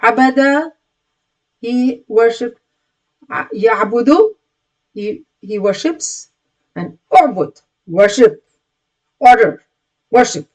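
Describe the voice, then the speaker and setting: A woman teaching a recorded grammar lesson, patiently repeating words aloud and calling out each drilled word louder with hand gestures. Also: fairly high pitch, expressive, takes it slowly, pauses often, rough recording. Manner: patient, repetitive, many restarts. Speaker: Quranic Arabic teacher.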